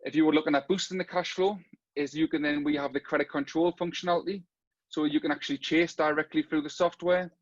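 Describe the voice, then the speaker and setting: A man with a Geordie accent giving a quick webinar product pitch, full of "kind of" and "on there". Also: fairly even intonation, no room sound, highs cut off. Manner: rapid, filler-laden pitch with "kind of". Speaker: software company presenter.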